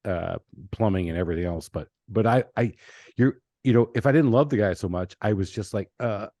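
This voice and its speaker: A man hosting a podcast, telling lively stories with many restarts. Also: on the low side, a little fast, no echo, clean studio sound. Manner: animated storyteller, many restarts. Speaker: podcast host. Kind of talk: casual podcast interview.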